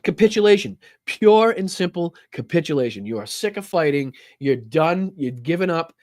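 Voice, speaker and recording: A man's voice: on the high side, expressive, moderate pace, darkish tone, dry recording, clean studio sound. A man hosting a political livestream, ranting angrily and swearing constantly, with stammering restarts. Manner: angry, profane, heated ranting. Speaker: political commentary host.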